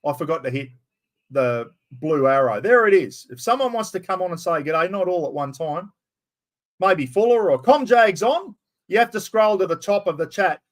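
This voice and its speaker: Australian male streamer, slightly high voice, loud, rambling and salty-mouthed, casual live chat. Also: animated, normal speed. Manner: loud, rambling, swears freely.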